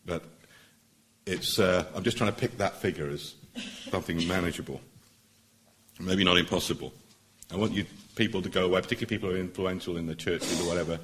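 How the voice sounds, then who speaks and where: Low-voiced middle-aged guy, barrister talking to a meeting, earnest and emphatic. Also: a bit bright, slight background noise. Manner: earnest, persuasive, emphatic with pauses. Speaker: barrister speaking at a public meeting. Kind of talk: public speech.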